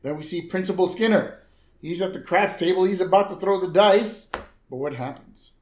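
A man's voice: high voice, moderate pace, echoey room. A man co-hosting a podcast, casually retelling a cartoon episode with frequent laughter. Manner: laughs often, lively retelling. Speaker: podcast co-host. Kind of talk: casual chat recapping an episode.

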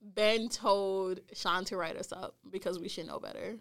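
A young woman co-hosting a podcast in casual chat, teasing and quick to react. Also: mid-range voice, fairly even intonation, no echo, studio quality. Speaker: podcast co-host.

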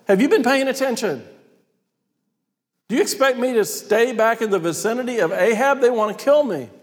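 A panicked male prophet pours out his complaints in high, strained questions, as a preacher acts him out. His pleading rings through a reverberant sanctuary-like space. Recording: long hall reverb.

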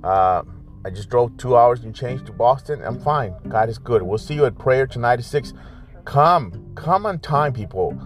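A man's voice: medium pitch, lively intonation, moderate pace. Exhorting male pastor, music behind. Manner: exhorting, repetitive, direct address. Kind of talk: morning devotional message.

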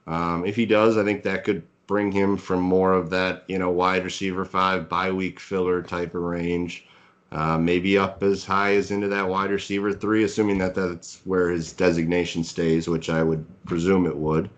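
A man's voice: low voice, flat delivery, moderate pace. A man co-hosting a fantasy football podcast, giving casual analysis with many fillers and hedges. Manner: hedging, filler-heavy, analytical. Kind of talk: casual sports analysis chat.

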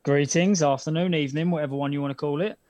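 A man's voice: fairly high pitch, steady tone, fast talker, a little mellow. A man, a podcast guest full of self-mocking jokes. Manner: jokey, self-mocking banter. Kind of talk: casual podcast chat.

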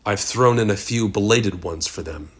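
Man doing a calm, menacing barkeep. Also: fairly low pitch, normal speed, husky. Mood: calm menace. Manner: matter-of-fact, methodical. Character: sinister male barkeep, calm and methodical killer.

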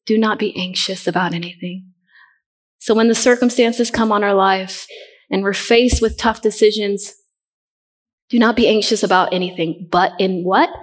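A middle-aged woman preaching a sermon in an earnest way, asking the listeners questions and repeating her key points. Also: medium pitch.

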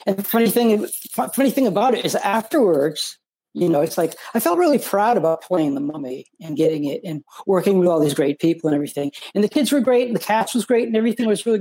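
A man, an actor on a panel, talking eagerly in a halting way and repeating words often. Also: high-pitched, lively intonation, mellow, slight background noise. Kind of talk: casual panel talk.

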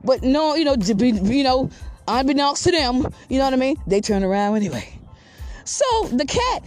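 A woman's voice: high-pitched, expressive, normal speed, darkish tone, soft background music. A woman telling a comic animal story in a rambling, profane way, with frequent asides to the listener. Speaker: podcast host.

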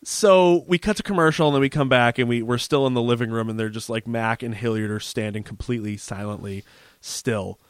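A man co-hosting a podcast, casually recapping a TV episode in a rapid, animated way, full of "like" and swearing. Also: medium pitch, smooth, no room sound. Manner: rapid, animated retelling with lots of "like" and profanity. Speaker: podcast co-host.

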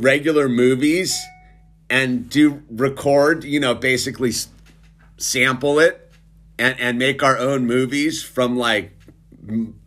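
A man's voice: mid-range voice, a bit bright. A middle-aged man in a casual, rambling, sarcastic monologue, often restarting and calling the listener dude. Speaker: commentator.

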